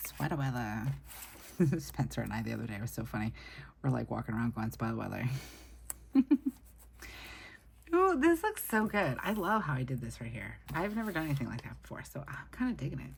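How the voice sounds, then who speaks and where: Her voice is very deep, creaky, a little mellow, and slightly rough, and she races along animatedly. A planner vlogger at her home desk, she chats upbeat and rambling to a low-placed desk camera while setting up her weekly planner.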